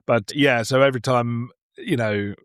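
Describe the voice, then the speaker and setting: A man's voice: medium pitch, normal speed, smooth, dry recording, studio quality. A man in his thirties co-hosting a podcast, playful and laughing as he talks about films. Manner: playful, laughing, animated asides. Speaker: podcast co-host. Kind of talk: casual film chat.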